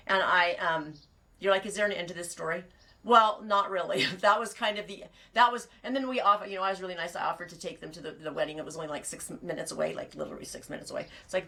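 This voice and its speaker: A woman's voice: fairly low pitch, fairly even intonation, fast, vocal fry, sharp tone. Chatty woman rambling on a live stream. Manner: chatty, digressive, laughs often, many restarts. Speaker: sheep farmer and knitting vlogger.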